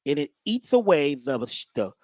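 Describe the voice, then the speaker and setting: A woman giving a casual lecture, conversational and animated, acting out the people in her stories. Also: low voice, normal speed, no room sound. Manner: conversational, animated, acts out voices.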